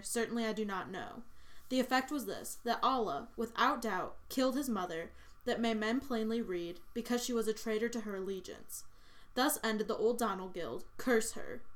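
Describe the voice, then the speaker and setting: Give me a woman narrating a medieval tale. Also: on the high side.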